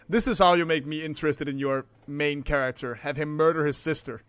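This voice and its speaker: A young man casually commenting while playing a game, sarcastic and quick to swear. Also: fairly high pitch, fairly bright tone, clear, resonant tone, no echo, low-quality recording. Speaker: let's play gamer.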